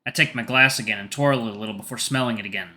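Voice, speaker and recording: A man's voice: mid-range voice, very fast, bright, forceful tone. A man narrating a visual novel in the first person, reading plainly with small slips and restarts.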